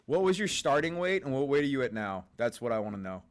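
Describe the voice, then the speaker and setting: A man's voice: mid-range voice, sing-song, fast talker. A young man hosting a livestream, rambling casually, swearing a lot and laughing often at his own jokes. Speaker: livestream host.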